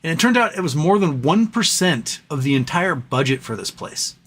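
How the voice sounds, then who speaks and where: A man's voice: a little high, sing-song, moderate pace, a bit bright. A man hosting a livestream from his home office, venting in frustration with swearing and frequent stumbling restarts. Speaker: livestream host.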